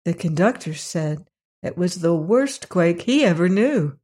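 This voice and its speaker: A reader voicing a polite, inquisitive little girl in an audiobook, pitched a bit above the narration. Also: animated, a little slow, a little mellow. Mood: curious. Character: polite, curious little girl traveling home. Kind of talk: audiobook character reading.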